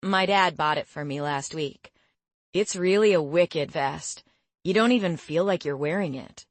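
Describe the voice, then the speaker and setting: Easygoing teen boy, jovial and teasing, a bit low-pitched, read by a woman narrator. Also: measured pace, no echo. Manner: relaxed, teasing.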